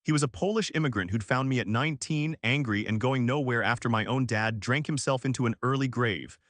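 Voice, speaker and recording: A man narrating a first-person story in a steady, even storytelling manner. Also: mid-range voice, a little fast, no room sound, studio quality.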